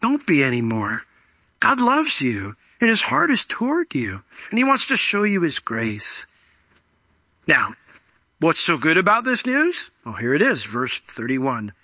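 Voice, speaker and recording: A man preaching a sermon, explaining scripture and acting out the quoted lines with sudden jumps in pitch. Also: a little slow, husky, no room sound. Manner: animated, acts out quoted voices with big pitch jumps. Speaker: pastor.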